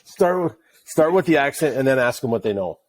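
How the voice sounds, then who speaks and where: A middle-aged man from Wisconsin co-hosting a sports parenting podcast, telling stories in a joking, animated way. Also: mid-range voice, brisk, dry recording. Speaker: podcast co-host. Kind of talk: casual chat.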